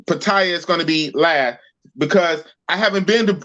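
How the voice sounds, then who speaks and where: A man from Oakland, California, hosts a podcast with slangy, playful casual chat. His voice sits notably high. The stream audio is dull and muffled. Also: moderate pace, fairly bright tone. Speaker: podcast host.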